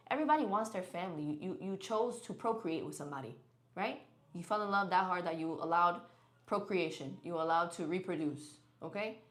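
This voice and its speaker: A young woman chatting casually on a live stream, reading comments and laughing often. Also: fairly low pitch. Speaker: livestreamer. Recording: echoey room.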